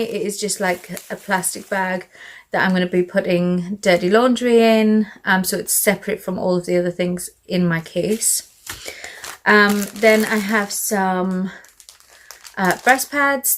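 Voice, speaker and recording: A woman's voice: mid-range voice, slight background noise. Breathless British woman vlogging. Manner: chatty, rambling, with fillers and trailing asides. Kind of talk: casual show-and-tell chat.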